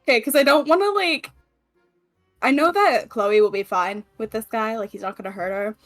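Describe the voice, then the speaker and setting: Chatty higher-voiced woman player. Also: moderate pace, a bit bright, soft background music. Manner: playful, chatty. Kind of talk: tabletop play chat.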